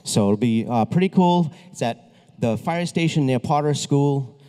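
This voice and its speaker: A man's voice: medium pitch, lively intonation, unhurried, mellow, clear, resonant tone. A man leading a school concert, speaking to the audience between pieces in a chatty, upbeat way with restarts and asides. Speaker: school band director. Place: school auditorium. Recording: long reverb of a large hall.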